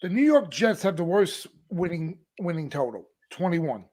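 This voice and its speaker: A man's voice: high voice, big pitch swings, normal speed, darkish tone. A man co-hosting a casual live sports chat, blunt and curt, swearing casually. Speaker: podcast co-host.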